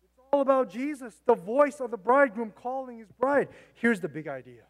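A man's voice: extremely high pitch, lively intonation, moderate pace, in a large hall. A male pastor preaching a sermon, emphatic and repeating phrases, with rhetorical questions to the congregation. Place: church sanctuary. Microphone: mic.

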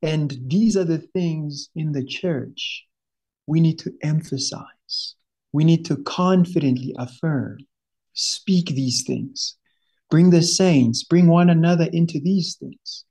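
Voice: medium pitch, takes it slowly, warm tone, husky. A Bible study teacher giving an earnest, fervent teaching, often stopping to exclaim and repeating words as the thought forms.

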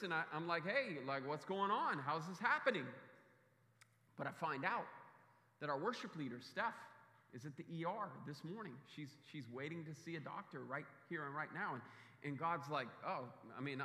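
A pastor preaches in an earnest, searching way, often doubling words as he works out a thought. His voice sits high for a man and rings very bright. The room carries a long, roomy church-hall reverb. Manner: earnest, repeats words when searching for them. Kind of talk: sermon. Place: church sanctuary. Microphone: handheld or stage mic.

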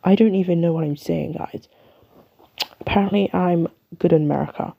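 A woman's voice: fairly low pitch, normal speed, vocal fry, husky, muffled recording. A young woman from the UK with an English accent, chatting and rambling through her solo podcast in a self-mocking way. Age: young adult. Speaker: podcast host. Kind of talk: casual solo podcast chat.

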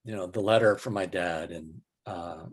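A man being interviewed as a guest, telling a long personal story slowly, with many fillers and restarts. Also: low voice, breathy edge. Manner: slow, halting delivery with many fillers.

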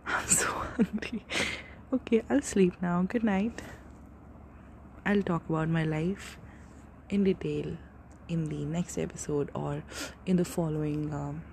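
A young woman in her twenties hosts a casual solo podcast, rambling, correcting herself, and swearing freely along the way. Her deep voice has vocal fry and a warm tone, and a little hiss or hum is audible.

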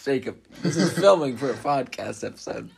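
A young man hosting a late-night podcast, joking along with quick self-aware asides. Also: medium pitch, animated, creaky, a little hiss or hum. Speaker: podcast host.

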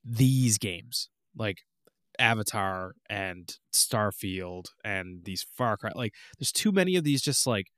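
A young man chats and rants about games, his pitch leaping around as he acts out moments from play. The recording is dry and close, with no room sound. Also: slow, dry recording. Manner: animated, ranting, acts out game moments. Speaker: podcast co-host. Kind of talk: casual chat.

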